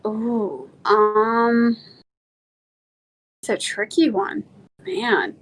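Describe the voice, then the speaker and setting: A chatty woman answers interview questions over a remote call. Her voice sits fairly high, and she talks quickly and laughs easily as she tells her stories. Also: animated. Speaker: guest, content creator. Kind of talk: casual interview chat.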